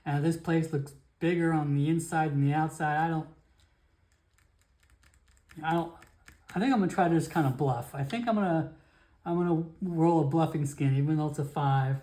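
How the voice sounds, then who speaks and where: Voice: medium pitch, moderate pace, long pauses, mellow. A player narrating a solo tabletop game session, rambling casually with fillers and self-corrections.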